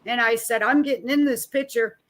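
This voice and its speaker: A middle-aged woman tells her own story in a candid, folksy way, speaking as a grieving mother. She replays each exchange by giving both sides of it, and her voice falls low and quiet at the hardest parts. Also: fairly quick. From Missouri. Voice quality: plain-spoken, folksy. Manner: re-enacts both sides of conversations, voice sinking low and soft at painful moments. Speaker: guest, mother of a missing son.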